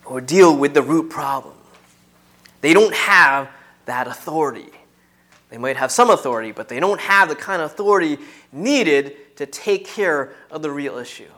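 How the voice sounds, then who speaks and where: Earnest higher-voiced male preacher. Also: a bit bright. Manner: earnest, repeats key phrases for emphasis. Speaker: preacher teaching a Bible study. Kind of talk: sermon.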